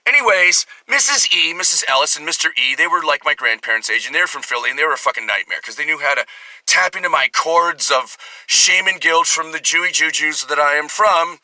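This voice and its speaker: A man with a very bright, fairly high voice tells a comedic story as the host, rambling, swearing freely and mocking himself. The sound is close and dry, with almost no room. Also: lively intonation, fast, dry recording, low-quality recording. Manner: profane, rambling, self-deprecating.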